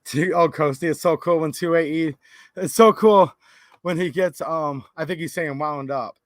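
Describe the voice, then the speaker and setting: A man's voice: fairly high pitch, normal speed, dry recording. A man hosting a gun channel, venting and chatting casually with lots of "like", in his thirties. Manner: rambling, laid-back, lots of "like".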